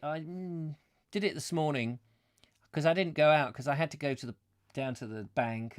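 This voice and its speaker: Chatty man rambling on a live stream. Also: mid-range voice. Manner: rambling, chatty, self-deprecating. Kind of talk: casual live-stream chat. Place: at home.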